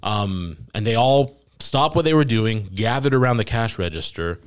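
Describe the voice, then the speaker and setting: A young man with a fairly low voice tells a long workplace story in a relaxed podcast chat. He acts out the lines of the other people in it and laughs now and then. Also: moderate pace, clean tone. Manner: animated storyteller quoting voices, laughing at his own story. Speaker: podcast guest. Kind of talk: casual storytelling.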